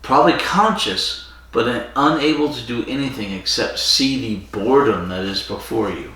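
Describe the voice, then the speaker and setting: A man chatting on a podcast with a bright, forward voice. He rambles through a plot recap, tossing in quick voiced quotes. The room is very echoey. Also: mid-range voice. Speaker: podcast co-host. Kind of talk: casual chat recapping an episode.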